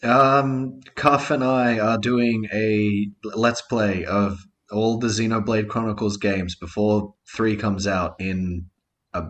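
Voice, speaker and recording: A low-voiced man guesting on a podcast, speaking in eager, quick bursts and cursing freely. His delivery is loose and excited. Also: highs cut off. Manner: enthusiastic, swears casually, talks in quick bursts. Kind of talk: casual chat.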